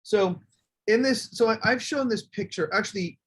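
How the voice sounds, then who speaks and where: Husky, high-voiced man telling stories. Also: moderate pace. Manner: animated storytelling, acts out quotes. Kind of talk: casual group video call chat.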